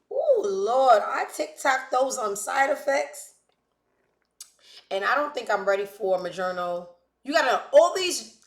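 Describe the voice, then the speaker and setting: A woman hosting a gossip talk show, brash and sassy, full of joking asides. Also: medium pitch. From West Indies. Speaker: host. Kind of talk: casual gossip commentary. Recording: echoey room.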